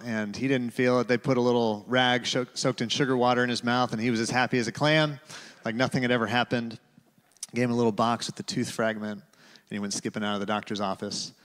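A male pastor giving a sermon, telling a personal story in a conversational way with fillers and dropping to a hush for quotes. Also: medium pitch, smooth. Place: large church auditorium. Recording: reverberant hall.

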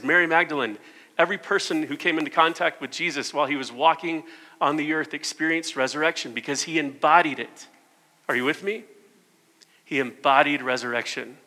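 A man preaching a sermon as pastor, earnest, swinging between loud emphasis and soft hushed lines. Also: medium pitch. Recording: long hall reverb.

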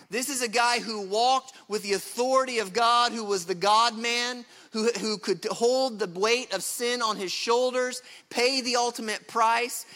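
A man's voice: high-pitched, pushed and bright. A man preaching a sermon, emphatic and casual, repeating words as he builds a point and slipping into slang. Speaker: pastor.

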